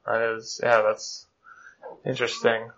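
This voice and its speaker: A man's voice: medium pitch, monotone, a little slow, a bit bright, lo-fi sound, slight background noise. A man teaching a church class, reading passages aloud and commenting with frequent fillers. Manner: reads quotations aloud with many fillers.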